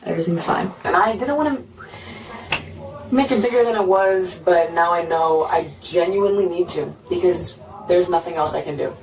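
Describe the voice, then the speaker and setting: A young woman telling a police officer what happened, talking fast and filling her story with "like" and acted-out quotes, recorded on a bodycam. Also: lowish voice, darkish tone. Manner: fast, repeats "like", acts out quotes. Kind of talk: retelling events to an officer. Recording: noisy bodycam audio from a distance.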